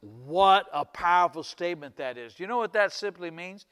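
A male pastor preaching with fervor, building his lines into rising, repeated calls. His voice sits very high for a man, bright and sharp. The tone stays smooth and clear throughout. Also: expressive, moderate pace. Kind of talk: sermon.

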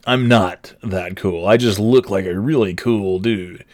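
A man's voice: on the low side, unhurried, darkish tone, no room sound, clean studio sound. A man hosting his podcast alone, rambling in a casual, profane, sardonic way with plenty of fillers. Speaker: podcast host. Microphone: headphones on, podcast microphone.

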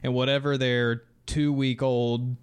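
A young man co-hosting a podcast in casual chat, delivering absurd jokes deadpan. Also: mid-range voice, a little slow, smooth. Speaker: podcast co-host.

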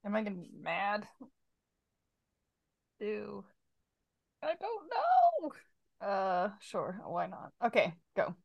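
A woman co-hosting a podcast, chatting casually through a guessing game, animated and quick to laugh and exclaim. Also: mid-range voice, gravelly, dry recording, muffled recording. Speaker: podcast co-host.

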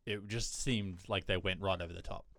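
A man co-hosting a casual podcast, talking in a low voice that wanders through hesitant, restarting sentences. His voice sits close and dry on the mic with no room sound. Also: fairly even intonation, moderate pace, vocal fry, fairly bright tone, no echo. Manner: rambling, hesitant, many restarts and fillers. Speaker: podcast co-host. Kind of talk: casual chat.

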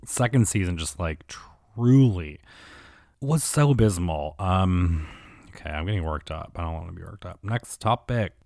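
A low-pitched man talks through a year in review in loose, sarcastic commentary. He rambles, swears freely and leans on fillers, and his voice sits dry and close with no room around it. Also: animated, measured pace, gravelly, a little mellow, dry recording.

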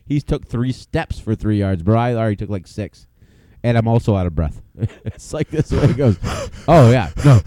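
Low mellow-voiced man, casual swearing banter. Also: lively intonation, normal speed, dry recording, clean studio sound. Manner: swears freely, laughs, mock complaints. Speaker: podcast co-host watching a football game.

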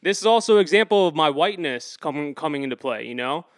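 A man's voice: a little high, expressive, fast talker, no echo. Rambling, heated man in a dry room. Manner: rambling, filler-heavy, heated and emphatic. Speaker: activist guest. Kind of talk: casual interview storytelling.

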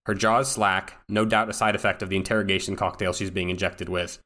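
Low-voiced man narrating as game master. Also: fast talker. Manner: descriptive, steady narration.

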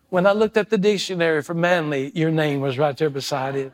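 A man delivers a sermon in a fairly high voice. He drifts between soft, prayerful musing and loud, fervent preaching. Now and then he acts out scripture and everyday stories in voices of their own. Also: steady tone, brisk. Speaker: pastor.

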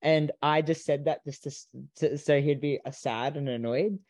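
A man's voice: fairly high pitch, steady tone, normal speed, a little mellow, dry recording. A man in a casual chat, explaining himself a little sheepishly.

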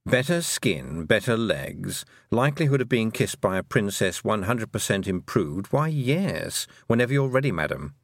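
A man's voice: on the low side, sing-song, moderate pace, hardly any pauses, no echo. A man voicing a sarcastic, dry-witted talking toad in an audiobook. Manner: sarcastic, drawling. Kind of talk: audiobook character voice.

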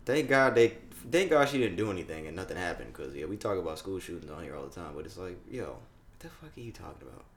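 A young man co-hosting a casual podcast, reacting to news stories loudly, swearing and laughing often. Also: low-pitched, very animated, quick pace. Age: young adult. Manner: loud, profane, laughs often. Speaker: podcast co-host.

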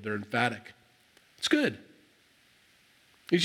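A man's voice: mid-range voice, fairly quick, pauses often. A man preaching a sermon, reading scripture aloud and explaining it in a conversational way, acting out the dialogue with emphatic rises. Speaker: pastor.

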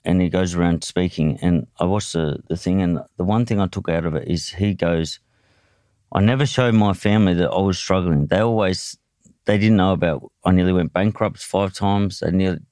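A man's voice: deep voice, normal speed, a little mellow, dry recording, studio quality. An Australian man telling his own story in a candid, blunt way, swearing often and restarting his sentences. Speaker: podcast guest, boxer.

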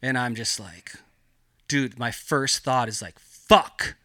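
Dude rambling thru a wild story on a podcast, swears nonstop, bright punchy voice, dry close mic. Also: male voice, medium pitch, measured pace, no echo. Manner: heavy swearing, rambling with lots of filler. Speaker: podcast guest, cannabis grower. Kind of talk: casual storytelling.

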